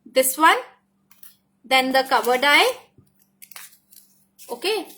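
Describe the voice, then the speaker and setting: A woman's voice: sits high, lively intonation, slow, bright, forceful tone. A woman with an Indian English accent, a craft die designer giving an enthusiastic product demonstration, often repeating herself and slipping into Hindi. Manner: enthusiastic, repeats "look at this", code-switches to Hindi.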